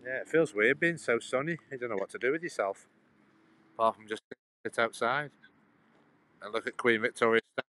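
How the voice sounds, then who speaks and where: A man's voice: medium pitch, a little fast, pauses often, sharp tone, no echo, low-quality recording. A man rambling on a live stream outdoors, chatting back to his viewers. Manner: chatty, meandering, answers chat questions. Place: outdoors in a sunny town.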